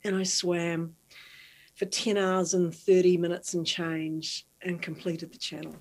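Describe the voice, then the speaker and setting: A middle-aged woman from New Zealand with a New Zealand accent, a guest in an interview who tells her stories in an animated, giggly way. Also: lowish voice, a little slow. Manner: animated, lively storyteller who giggles easily. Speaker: guest, marathon swimmer. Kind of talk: storytelling in conversation.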